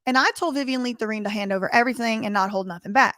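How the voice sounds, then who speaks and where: A woman's voice: medium pitch, fast, few pauses, a bit bright, dry recording, clean studio sound. A woman giving casual, sassy commentary as she reads court documents aloud and explains legal terms. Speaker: commentary channel host.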